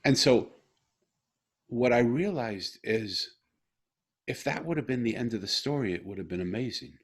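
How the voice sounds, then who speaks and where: A man's voice: mid-range voice, moderate pace, husky. A middle-aged man in an earnest casual conversation, telling a personal story. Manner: earnest, animated when retelling. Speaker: guest.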